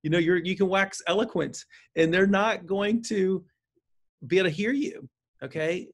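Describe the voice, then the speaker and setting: Animated man, fairly high voice. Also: moderate pace. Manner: animated, acts out parent and child lines, frequent restarts. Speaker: counselor and author. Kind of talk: interview guest explaining parenting advice.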